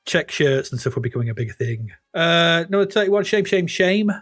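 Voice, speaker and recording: A man's voice: on the high side, lively intonation, normal speed, a bit bright, no echo, studio quality. A man co-hosting a podcast, musing casually and reading out chart entries. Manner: laid-back, musing, reads chart entries aloud. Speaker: podcast co-host. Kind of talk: casual chat about retro games and music.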